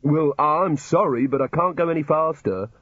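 Man doing a nervous male wizard, high pleading voice, storybook, husky, dull dry sound. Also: normal speed, fairly bright tone, no echo. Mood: timid.

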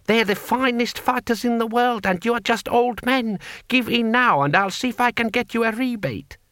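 Guy doing a high squeaky fussy taxman, slow and horrified. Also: sharp tone, no room sound. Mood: aghast. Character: fussy excitable male imperial tax official.

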